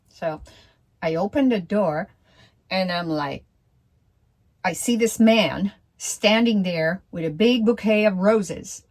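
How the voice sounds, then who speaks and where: A woman casually telling a personal story, hesitant, with many fillers and restarts. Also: lowish voice. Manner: slow, deliberate delivery.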